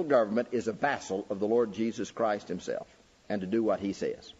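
A man's voice: fairly quick, a little mellow, breathy edge. A man preaching a lecture-style sermon, pushing his voice up with emphasis on key words. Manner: emphatic, pitch rising sharply on key words. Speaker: preacher teaching a lecture series. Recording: dull recording with long hall reverb.

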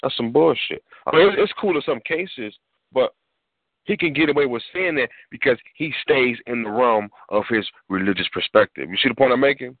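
A man's voice: medium pitch, fairly quick, dry recording. A man talking on a radio show in a blunt, emphatic way, swearing freely. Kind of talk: casual radio talk. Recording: dry tinny phone line.

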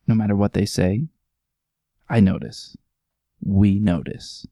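A man hosts a podcast in a casual comedic monologue. His low, gravelly voice moves slowly. He laughs often at his own goofy jokes, and the sound is dry and close. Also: steady tone, dark tone, no room sound. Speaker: podcast host.

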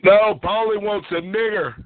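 A man's voice: high voice, fairly even intonation, moderate pace, narrow, tinny audio. A man making a taunting, provocative prank call on a phone chat line. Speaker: caller.

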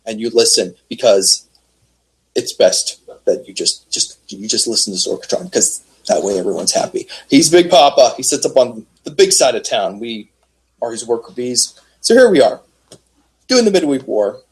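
A man's voice: medium pitch, big pitch swings, normal speed, breathy edge, low-quality recording. A man co-hosting a wrestling podcast in a joking, easygoing chat. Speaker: podcast co-host.

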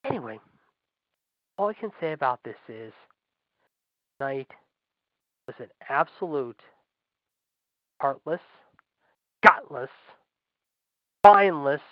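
A man's voice: a little high, expressive, takes it slowly, pauses often, dry recording. Angry, profane man ranting on a podcast. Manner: profane, sarcastic, fired-up. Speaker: wrestling podcast host. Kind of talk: ranting commentary. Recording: dull lo-fi dry recording.

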